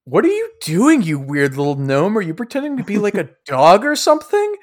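A man's voice: high voice, wildly swooping pitch, a little mellow, voice pushed up. A man voicing a petulant young male islander who whines, complains and lashes out in a raised voice. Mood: mocking. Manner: complaining, self-pitying, quick to anger.

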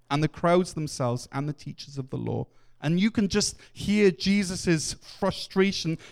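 A man preaching a Sunday sermon in a church, earnest and lively as he acts out the voices in his stories. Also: high voice.

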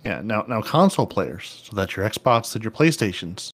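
A man's voice: on the low side, big pitch swings, moderate pace, noisy background. A man co-hosting a casual gaming podcast, paraphrasing update notes playfully and often stumbling into restarts. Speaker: podcast co-host.

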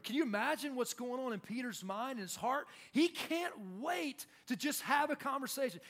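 A young adult male pastor preaching a sermon in an animated way, acting out quotes. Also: very high-pitched. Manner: animated, acts out shouted quotes.

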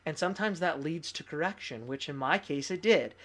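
A young adult man, a pastor, sharing a personal testimony in casual conversation, candid and animated, with fillers and laughs. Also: on the high side, a little fast.

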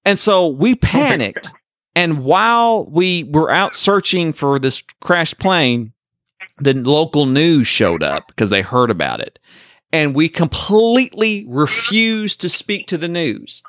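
Lively, animated man telling a story. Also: a little high, slow, dry recording, studio quality. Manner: animated storyteller, laughs often. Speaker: podcast co-host. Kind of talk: casual chat with callers.

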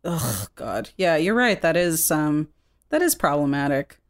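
A woman co-hosting a podcast in casual chat, giving quick reactions and frank, reflective comments. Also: low voice, big pitch swings. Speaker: podcast co-host.

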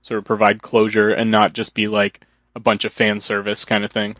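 A man's voice: lowish voice, completely flat delivery, normal speed, fairly bright tone, no room sound, studio quality. A man co-hosting a casual pop-culture podcast, laid-back, swearing casually and laughing often. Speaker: podcast co-host. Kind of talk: casual chat.

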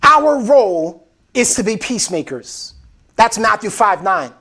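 A man's voice: very high-pitched, a bit bright. A man preaching an impassioned sermon, repeating phrases and calling his listeners beloved. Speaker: pastor.

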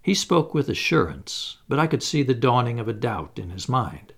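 A male audiobook narrator telling a story at an even, measured pace. His voice is gravelly and carries plenty of pitch movement.

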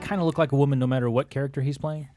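A man's voice: mid-range voice, fairly even intonation, very fast, music in the background. A man co-hosting a movie podcast, dropping dry wisecracks. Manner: dry wisecracking one-liners. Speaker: podcast co-host. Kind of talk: casual podcast chat.

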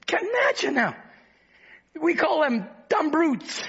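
A man preaching a sermon with fervor, breaking into shouts and then dropping low to talk with the congregation. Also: wildly swooping pitch, slow pace, highs cut off.

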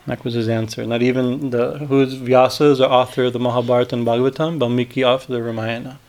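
Swami reading scripture with halting asides. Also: male voice, mid-range voice, little pitch movement, a little mellow. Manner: halting asides, frequent "right?" tags. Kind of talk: reading scripture aloud with commentary.

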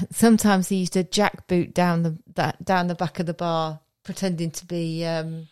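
A woman's voice: lowish voice, level tone, moderate pace, a little mellow, clear, resonant tone, no echo. A woman, co-hosting a casual chat podcast in a chatty way. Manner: chatty, laughs often. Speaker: podcast co-host.

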